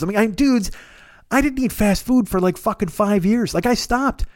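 Speaking in a high, animated voice and at a slightly fast pace, a male podcast host rambles through a profane, self-deprecating comic monologue. The studio recording has no echo.

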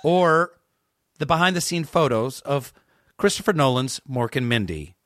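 A man in casual comedic podcast chat, playfully pitching absurd ideas. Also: expressive, moderate pace, a bit bright, dry recording, clean studio sound.

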